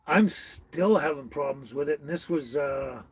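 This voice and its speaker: A man's voice: fairly high pitch, a little slow, slightly rough, poor audio. A middle-aged man hosting a casual live stream, chatting with viewers by name in a rambling way and laughing often. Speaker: livestream host.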